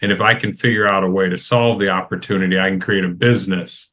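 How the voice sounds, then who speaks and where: A man's voice: low voice, fairly even intonation, fast, a bit bright. A middle-aged man on a roundtable panel, talking in an emphatic, advice-giving way and repeating phrases for stress. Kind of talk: casual roundtable discussion.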